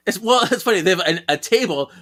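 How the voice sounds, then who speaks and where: A man's voice: sits high, expressive, quick pace, fairly bright tone. A man co-hosting a podcast in casual chat, chatty and laughing often as he talks. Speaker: podcast co-host.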